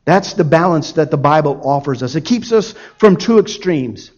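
Animated male pastor, 40s, lively sermon delivery, lo-fi recording. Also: fairly high pitch, moderate pace. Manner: animated, acts out quoted voices in his examples.

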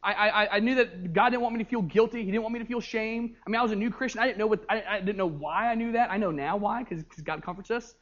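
A young man, a youth pastor, preaching a sermon and telling stories with lively energy, often repeating words as he goes. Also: high-pitched, quick pace, hardly any pauses, dull audio. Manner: animated storytelling with frequent repeated words.

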